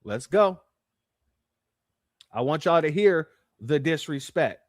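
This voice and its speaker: A man's voice: a little high, expressive, slow, dry recording, studio quality. A man hosting a reaction commentary, talking emphatically, repeating his phrases and calling his viewers family. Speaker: commentary channel host.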